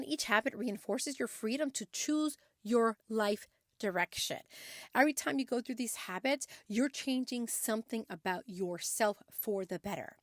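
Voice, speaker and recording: A woman's voice: fairly high pitch, no room sound, studio quality. A middle-aged woman hosting a podcast, talking casually and earnestly to encourage her listeners, often restarting her sentences. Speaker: podcast host. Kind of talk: casual motivational talk.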